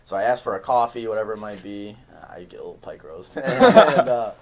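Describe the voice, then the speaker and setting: A young man hosting a casual podcast chat among friends. He tells stories with animated energy and laughs often, and his pitch swings widely from high to low as he talks. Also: brisk. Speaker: podcast host.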